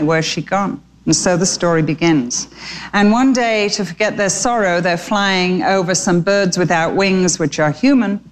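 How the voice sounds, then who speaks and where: An older woman preacher telling a story in a sermon, making gentle, slow, earnest appeals. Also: mid-range voice.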